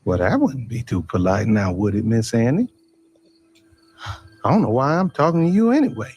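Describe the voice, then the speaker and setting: A man's voice: mid-range voice, sing-song, moderate pace, darkish tone, lightly acted. A man playing a coaxing, polite vampire. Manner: coaxing, mock-polite drawl. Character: smooth-talking male vampire seeking an invite. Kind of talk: film dialogue.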